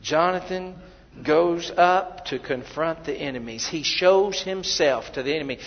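A male preacher delivering a fervent sermon in a church sanctuary. His voice sits a touch higher than most men's, and it climbs to loud, emphatic peaks, stumbling over repeated words as he presses on. The recording is dull and lo-fi, with a long reverb trailing through the hall. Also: measured pace.

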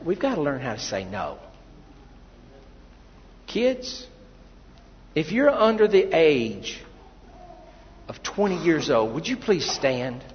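Booming preacher in a reverberant hall. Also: male voice, slight background noise. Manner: swings from quiet storytelling to loud, drawn-out exhortation. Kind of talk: sermon. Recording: dull, lo-fi with long hall reverb.

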